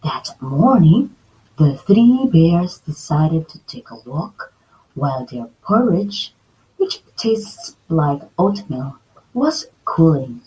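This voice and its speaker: A woman reads a children's story aloud at an unhurried pace. Her voice moves through a wide, lively pitch range as she tells it. The delivery is expressive and deliberate. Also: poor audio. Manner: slow, expressive read-aloud.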